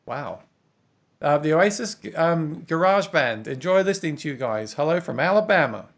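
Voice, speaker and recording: A man's voice: fairly high pitch, expressive, a little slow. A man from England with an English accent, hosting a casual livestream chat, talkative and reading viewer comments aloud with frequent laughs. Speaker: host of a guitar livestream.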